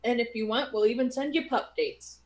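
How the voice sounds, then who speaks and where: A woman's voice: on the high side, moderate pace, poor audio. A woman chatting casually at home as a guest, chiming in with short remarks. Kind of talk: casual chat.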